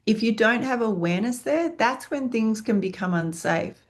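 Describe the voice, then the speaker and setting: A woman's voice: on the high side, animated, normal speed. A woman acting teacher answering interview questions in an earnest, frank way, speaking in long flowing lists and swearing freely.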